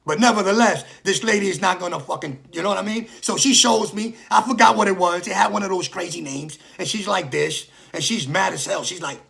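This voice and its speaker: Gravelly animated man telling a story. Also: high voice, a little fast, few pauses. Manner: animated, acts out quoted voices, swears freely. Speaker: storyteller recounting prison life. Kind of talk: casual storytelling monologue.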